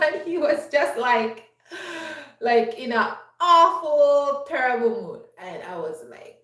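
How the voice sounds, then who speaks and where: A woman's voice: high voice, expressive, slow, pushed and bright, distant mic. A woman vlogger telling a personal story in a chatty, upbeat way, full of "you know". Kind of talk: casual storytelling to camera. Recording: roomy echo, voice set back from the mic.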